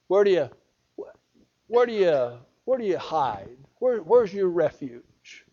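A man's voice: high-pitched, sing-song, measured pace, darkish tone, highs cut off. A man preaching a sermon in a folksy, emphatic way, often repeating his phrases. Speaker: pastor.

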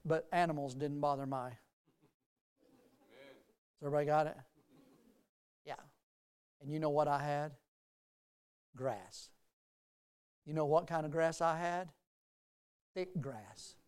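A middle-aged male pastor delivers a sermon in a smooth, resonant voice pitched a little high. He talks in a folksy, storytelling way, then builds to emphatic, lively preaching. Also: normal speed, long pauses. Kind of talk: sermon with personal stories.

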